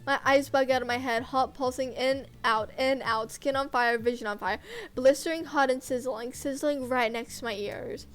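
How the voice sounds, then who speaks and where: A woman's voice: sits high, steady tone, moderate pace, rough recording. A woman streamer reading a horror visual novel aloud in first person, intense and dramatic, with offhand asides.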